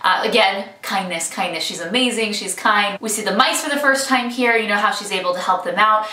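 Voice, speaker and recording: A woman's voice: medium pitch, fairly quick, noisy background. A woman chatting enthusiastically and casually as she reviews a film trailer. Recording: echoey room, mic at some distance.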